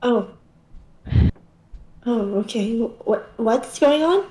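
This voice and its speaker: A woman's voice: fairly high pitch, lively intonation, slow, mellow. A woman playing her character in a tabletop game, pressing with repeated questions. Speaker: player. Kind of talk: in-character tabletop role-play. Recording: echoey room.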